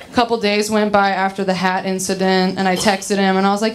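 A woman's voice: medium pitch, little pitch movement, brisk, hardly any pauses. A young woman in her twenties doing a stand-up comedy set on a club stage, giggly and bubbly, with an audience laughing behind her. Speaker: stand-up comic. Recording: noisy live club recording.

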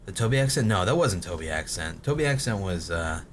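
Deep-voiced and animated, he talks a little fast. He's a gaming creator in his late twenties with a cracking voice, and he swears and rambles while casually poking fun at himself over his old videos, with a slight hiss or hum behind him.

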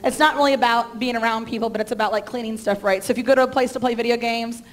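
A woman's voice: on the high side, steady tone, rapid-fire, soft background music. A middle-aged woman pastor telling a personal story in a sermon, acting out the dialogue of the people in it. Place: church sanctuary.

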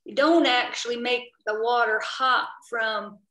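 A woman from the southern United States leading an online workshop, lively and playful as she quizzes the group with questions. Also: on the high side, unhurried. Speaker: workshop trainer. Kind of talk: interactive online teaching. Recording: echoey room.

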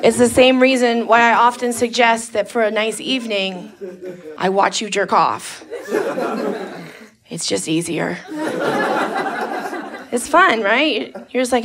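Brash and bawdy, a young stand-up comedian with a slightly high voice performs before a live club audience, flipping into quick impressions. It's a very noisy live recording through a handheld stage mic, with the crowd roaring with laughter.

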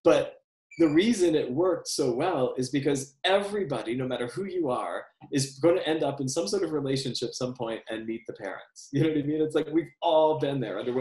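A man in a relaxed interview answers at length, circling back and restarting his thoughts. His voice sits at an ordinary middle pitch and carries a noticeable roomy echo, as if he is talking into a video call from a bare room. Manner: rambling, self-correcting, laughs often. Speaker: screenwriter guest.

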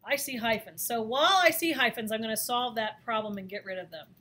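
Lady teacher walking thru design software, kinda high voice, lots of ums. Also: animated, fast. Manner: chatty, thinks aloud with fillers. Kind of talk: screen-recorded software lesson.

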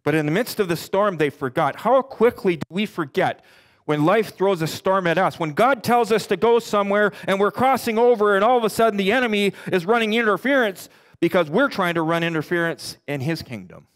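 Middle-aged pastor preaching, kinda high voice, earnest, slows way down on the scripture quotes. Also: male voice, animated. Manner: earnest preaching, rising and dropping in pitch for emphasis; quotes scripture in slow deliberate voice. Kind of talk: sermon.

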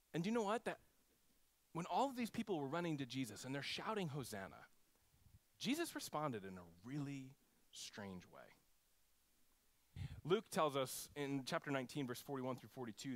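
A man preaching a sermon as a pastor, in an animated, conversational way, acting out quotes. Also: on the high side, dry recording. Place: church.

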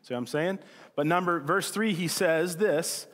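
Joking pastor preaching in an echoing hall. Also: male voice, on the high side, a bit bright. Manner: casual, joking and chatty, with quick acted-out asides. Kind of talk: sermon. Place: church hall. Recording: church hall with long reverb.

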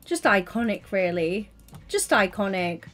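A woman's voice: mid-range voice, big pitch swings, unhurried, fairly bright tone, soft background music. A young woman streaming, chatting casually and teasingly while building in a game. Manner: teasing, giggly, playful.

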